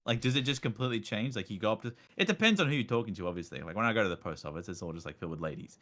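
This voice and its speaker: A young Australian man hosting a casual streamed chat, animated and jokey, laughing often. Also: fairly low pitch, rapid-fire. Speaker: streamer host.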